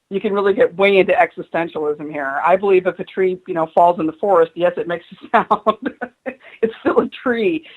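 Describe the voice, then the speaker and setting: Woman guest on a talk radio show, spiritual advisor, lively storyteller who acts out the voices. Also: lowish voice, narrow, tinny audio. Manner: animated storyteller acting out quoted voices.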